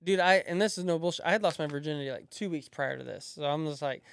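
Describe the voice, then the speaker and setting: A man's voice: a little high, fast talker, creaky, smooth, no room sound, clean studio sound. A man guesting on a comedy podcast, telling stories in a blunt, profane, chatty way and laughing along as he goes. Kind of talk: casual podcast storytelling.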